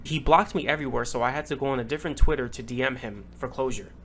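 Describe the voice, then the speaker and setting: A man calmly reading out a message exchange and adding matter-of-fact commentary. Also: medium pitch, fast talker. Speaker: commentary youtuber.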